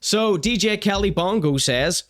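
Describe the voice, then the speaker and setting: A man's voice: high-pitched, animated, measured pace, a bit bright. A man hosting a show, giving casual commentary in a wry, self-deprecating way. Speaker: show host.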